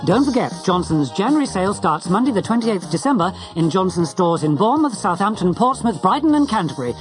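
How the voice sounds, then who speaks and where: A man playing a brisk, upbeat radio sale announcer in a scripted advert. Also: high-pitched, very animated. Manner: rapid, punchy delivery. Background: music.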